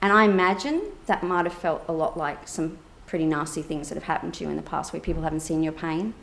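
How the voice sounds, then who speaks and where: A woman therapist giving a conference keynote, telling a personal story in a lively way, acting out quoted dialogue with many fillers. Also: deep voice, quick pace, vocal fry, a little hiss or hum.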